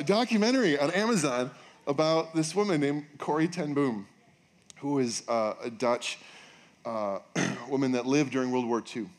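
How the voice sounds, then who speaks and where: A male pastor preaching a sermon in a casual, joking way, acting out quotes with bursts of excitement. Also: medium pitch. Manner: animated, jokey, acts out quotes in raised voice. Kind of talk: sermon with storytelling.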